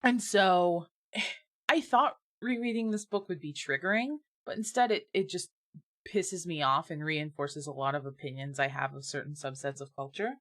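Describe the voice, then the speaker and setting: A woman co-hosting a podcast in casual chat, blunt and profane, often swinging into animated rants. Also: low voice, moderate pace. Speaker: podcast co-host.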